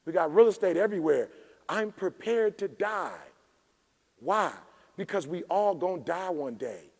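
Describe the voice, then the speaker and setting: High raspy-voiced guy preaching a motivational keynote, big echoey conference hall. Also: animated, measured pace. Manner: preachy, emphatic, builds to shouting crescendos.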